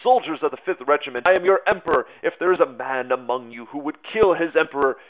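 A man's voice: fairly high pitch, fast talker, natural voice. A man playing a defiant emperor. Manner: plain voice, no accent attempted. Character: commanding male emperor daring his soldiers. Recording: tinny phone-like sound.

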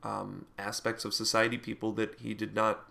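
A man's voice: on the low side, level tone, moderate pace, gravelly, pushed and bright. A man teaching a lecture in a conversational, loose way, full of fillers and asides. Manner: puts on mock voices for quoted speech. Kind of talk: classroom lecture.

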